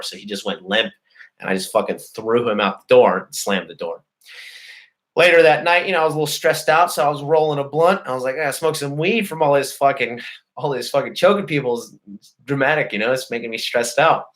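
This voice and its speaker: A man with a mid-pitched voice, casually telling a boastful, profanity-filled story to his viewers. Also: a little fast, a bit bright. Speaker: host. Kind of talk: casual storytelling to a live chat.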